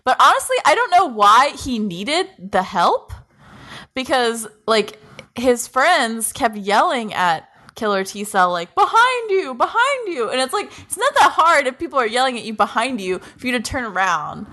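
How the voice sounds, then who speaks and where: A woman's voice: fairly high pitch, sing-song, moderate pace, sharp tone. A young woman co-hosting a podcast, casually retelling anime episodes in a rambling way full of fillers. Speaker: podcast co-host.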